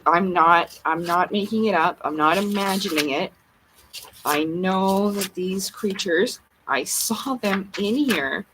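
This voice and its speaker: A woman's voice: fairly low pitch, background noise. A woman hosting a livestream, thinking aloud in a flustered, muttering way as she searches for something. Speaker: livestream host. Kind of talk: unscripted livestream talk to herself while searching a book.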